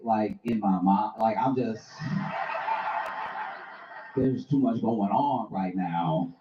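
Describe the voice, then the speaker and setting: A man hosting a casual talk, telling a funny story in a dry, deadpan way. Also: lowish voice, unhurried, noisy background. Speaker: host. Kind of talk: comic storytelling. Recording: roomy, slightly dull recording.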